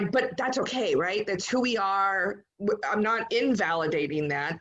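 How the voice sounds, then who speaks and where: A woman's voice: mid-range voice, dull audio. A woman hosts a casual interview in a mid-range voice. She muses on her own experience before turning it into a question for her guest. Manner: reflective, relatable, asks questions after personal asides. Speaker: host.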